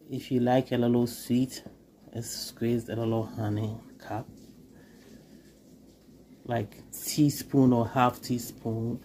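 A woman with a cold hosts a chatty, reassuring cooking tutorial from her home kitchen, repeatedly saying "okay." Her voice is extremely low, and heavy background noise runs through the recording.

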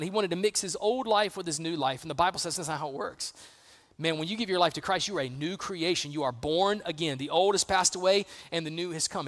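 A man's voice: sits high, quick pace, fairly bright tone. A man preaching a sermon as pastor, conversational and emphatic, acting out quotes and building intensity. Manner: conversational, uses acted-out quotes.

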